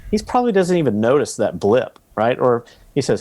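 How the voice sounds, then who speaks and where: A man as a podcast guest, explaining rental investing in a relaxed way with examples and acted-out quotes. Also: mid-range voice, moderate pace. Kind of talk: casual interview talk.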